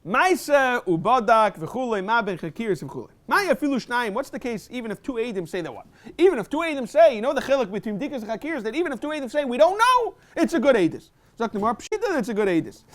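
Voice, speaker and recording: A man teaching a Talmud lesson in a synagogue, reading Aramaic text and explaining it in English with quick rhetorical questions. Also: extremely high pitch.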